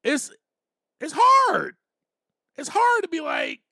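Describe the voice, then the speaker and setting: Animated high-voiced man, lively podcast host. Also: slow, vocal fry, long pauses, no room sound, studio quality. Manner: animated, repeats phrases, acts out quotes. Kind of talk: personal recovery talk.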